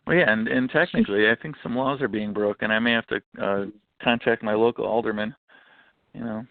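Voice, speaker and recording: A man's voice: on the low side, vocal fry, dry recording. A man, an author, chatting and joking as a guest on a radio interview. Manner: joking, quick with impressions. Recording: phone line.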